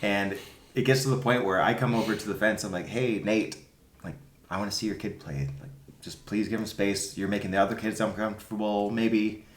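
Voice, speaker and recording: A man's voice: on the low side, brisk, slight background noise. Emphatic man in a roomy room. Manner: emphatic, animated storyteller. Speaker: youth soccer club coach. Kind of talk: casual podcast chat. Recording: roomy echo.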